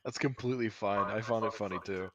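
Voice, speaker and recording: Man, low voice, laid-back, a bit weary, casual gaming chat. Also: fairly even intonation, fast, lo-fi sound, slight background noise. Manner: easygoing, a little weary. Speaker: player. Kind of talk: casual chat during a tabletop game.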